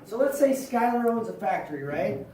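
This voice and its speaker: A male teacher giving an animated, slangy classroom lecture, acting out little scenes with his students. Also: sits high, normal speed. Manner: animated, slangy, acts out quotes. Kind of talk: classroom lecture with role-play. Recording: echoey classroom from far off.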